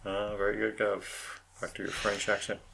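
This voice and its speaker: A man's voice: on the low side, level tone, moderate pace, gravelly, sharp tone, a little hiss or hum. A man co-hosting a podcast in casual chat, wry and jokey, often trailing into laughs. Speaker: podcast co-host.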